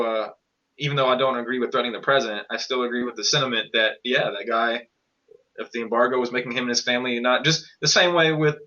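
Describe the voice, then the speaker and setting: A man co-hosting a casual political podcast, making an earnest, rambling argument with quick asides. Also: medium pitch, bright, forceful tone. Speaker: podcast co-host. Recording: dull lo-fi podcast audio.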